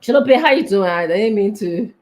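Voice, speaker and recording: A man's voice: sits high, lively intonation, normal speed. A man, co-hosting a live show and reading out viewers' names, sometimes stumbling over them. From Liberia. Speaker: co-host.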